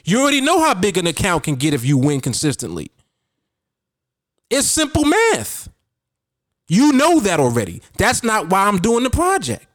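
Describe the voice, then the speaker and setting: A podcast host and trading coach delivers casual, emphatic, repetitive motivational coaching to his listeners. His voice sits high with wildly swooping pitch, and he talks fairly quickly with few pauses, in clean studio sound without echo.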